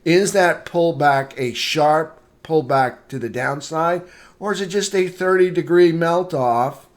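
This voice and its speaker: A man with a slightly high voice teaches a live market analysis lesson without rushing. As a trading instructor, he goes over points repeatedly, frequently asks "okay?" and pauses mid-lesson to greet viewers by name.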